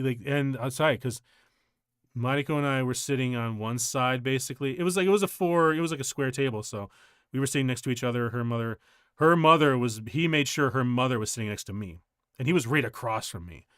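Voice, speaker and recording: A man streaming and chatting casually, telling a long personal story in a rambling, halting way with frequent restarts. His voice sits at a middle pitch, and the sound is close and dry, with no room echo. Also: fairly bright tone, clear, resonant tone.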